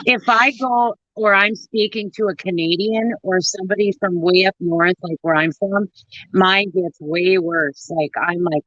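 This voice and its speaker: A woman's voice: mid-range voice, unhurried, fairly bright tone, dry recording. A woman trucker from northern Minnesota with a Minnesota accent, co-hosting a casual livestream chat in a folksy way. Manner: chatty, folksy, laughs easily. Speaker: co-host, trucker. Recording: dull lo-fi stream audio.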